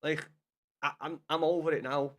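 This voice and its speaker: A young man chatting casually with viewers on a live gaming stream, swearing often and bantering loudly with chat. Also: on the high side, little pitch movement, normal speed.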